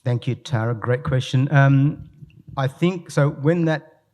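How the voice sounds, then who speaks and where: A man's voice: medium pitch, takes it slowly. A man giving a live talk to an audience, telling anecdotes with lots of restarts. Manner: animated storyteller, frequent restarts. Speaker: guest speaker, leadership coach.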